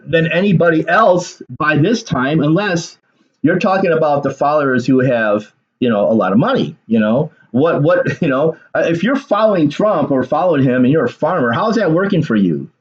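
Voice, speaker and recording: A man's voice: on the high side, lively intonation, normal speed, dull audio. A man talking through casual political commentary in a rambling way, repeating words and leaning on fillers.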